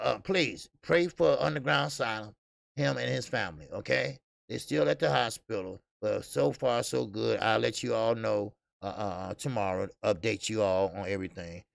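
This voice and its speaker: A man's voice: medium pitch, vocal fry, a bit bright, no room sound. A middle-aged man hosting a boxing show in loose, profane, joking casual chat, full of filler sounds. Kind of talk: casual live-stream chat.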